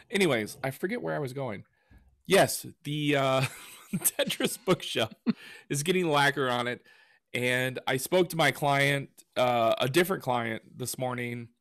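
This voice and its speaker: A man chats casually on a podcast, telling stories with animated quoted lines. His voice sits in a middle register. The sound is dry and close, with no room sound. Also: mid-range voice, unhurried, dry recording. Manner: animated storyteller who acts out quotes. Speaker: podcast co-host and woodworker. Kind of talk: casual chat.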